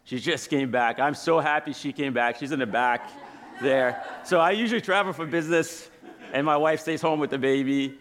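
A man's voice: on the high side, moderate pace, fairly bright tone. A man in his thirties preaching in a church as a guest speaker, telling personal stories in a casual, chatty way and laughing as he goes. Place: church sanctuary.

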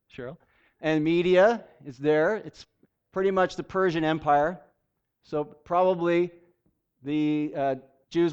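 A man's voice: a little high, clean tone. A man giving a conversational bible teaching, chatty, with restarts and laughing asides. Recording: dull lo-fi recording.

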